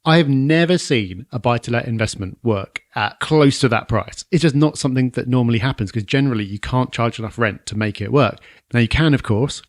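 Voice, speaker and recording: A man's voice: mid-range voice, no echo, clean studio sound. A man from southern England co-hosting a property podcast, decisively running through the numbers. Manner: brisk and decisive, runs the numbers. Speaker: podcast co-host. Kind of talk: casual podcast discussion.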